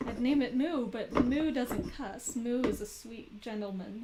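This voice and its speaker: Chatty rambling woman, slightly high voice. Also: measured pace, background noise. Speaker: live streamer. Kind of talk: casual chat while weaving.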